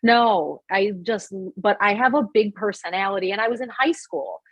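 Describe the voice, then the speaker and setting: Woman host, husky, lively storyteller, dry close sound with faint music behind. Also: medium pitch, moderate pace, no echo. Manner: animated storyteller, laughs often. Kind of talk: casual conversation.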